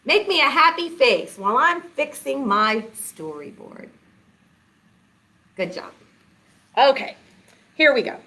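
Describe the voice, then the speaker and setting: Woman, children's librarian, storytime, sing-song, high voice, slow and clear. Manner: animated, sing-song, coaxing questions to children.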